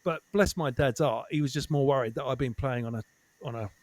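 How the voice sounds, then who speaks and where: A man from Essex, a comedian guest in casual chat who is animated, swears and repeats himself for emphasis. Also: medium pitch, a little fast, no echo. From Essex, England.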